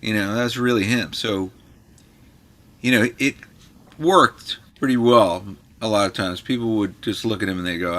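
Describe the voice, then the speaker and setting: A man with a low, bright and forceful voice tells a story in a relaxed, casual chat. He acts out the people he quotes as he goes. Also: moderate pace. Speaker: guitar magazine editor and guest.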